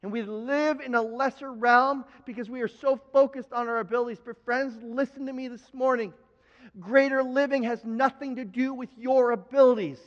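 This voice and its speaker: High-pitched preacher guy giving an animated sermon, muffled sound, big echoey church. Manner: animated, acts out Bible figures in quick asides. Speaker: pastor. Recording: dull sound with long hall reverb.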